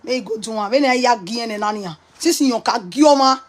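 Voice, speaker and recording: Woman, Nigerian accent, high-pitched, mocking, scolding, casual rant to viewers. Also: quick pace. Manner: mocking and scolding, laughs often. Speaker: online commentator.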